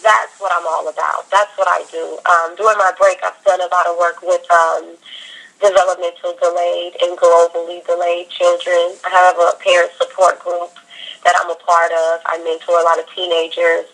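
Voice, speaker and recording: A woman singer in a casual interview, talking in an upbeat, heartfelt way and telling lively stories. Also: on the low side, normal speed, creaky, rough recording.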